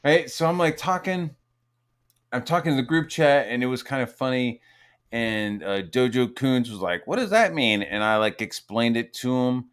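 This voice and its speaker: A man's voice: mid-range voice, moderate pace, clean tone. A man in his forties hosting a podcast, telling a long rambling story full of swearing and "like" fillers, acting out what others said. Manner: profane, rambling, heavy on "like" fillers, acts out quotes. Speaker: podcast host. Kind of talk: casual chat, storytelling.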